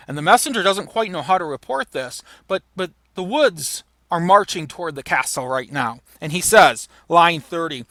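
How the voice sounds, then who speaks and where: A man's voice: a little high, lively intonation, normal speed, few pauses, sharp tone, dry recording. A man lecturing on literature, explaining patiently and paraphrasing the passages he reads aloud. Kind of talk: recorded lecture.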